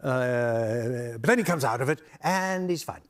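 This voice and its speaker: A man's voice: mid-range voice, expressive, unhurried, very noisy. A man being interviewed as a talk show guest, speaking hesitantly and self-deprecatingly, with frequent restarts, in a studio. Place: television studio.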